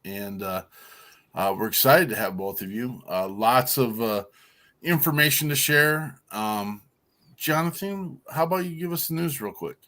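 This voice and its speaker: A man's voice: mid-range voice, unhurried, fairly bright tone. A man hosting a talk show, welcoming guests with enthusiasm and frequent "uh"s. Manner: enthusiastic, filler-heavy. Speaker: host.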